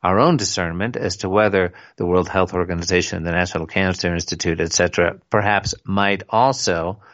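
Low-voiced rambling radio talk host. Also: male voice, steady tone, fairly quick, fairly bright tone, highs cut off. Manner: rambling, many fillers, reads articles aloud.

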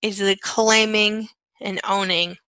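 A woman's voice: medium pitch, steady tone, slow pace, sharp tone, no echo, low-quality recording. A woman leading a guided self-help talk. She uses chant-like repeated phrases and a conversational style that often checks in with "okay" and "right.". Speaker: energy-clearing facilitator.

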